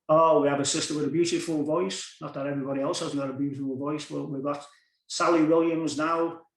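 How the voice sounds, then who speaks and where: A man's voice: fairly high pitch, creaky, fairly bright tone. Chatty man hosting, echoey room. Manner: chatty, chuckles at his own jokes. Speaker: concert host. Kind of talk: casual emcee patter with jokes. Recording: roomy, echoey sound.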